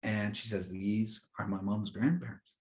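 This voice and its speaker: A middle-aged man, a guest in a casual interview, telling a personal story in an animated way and often laughing as he talks. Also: fairly low pitch, moderate pace. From Indigenous North American community. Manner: animated storyteller who laughs through his tale.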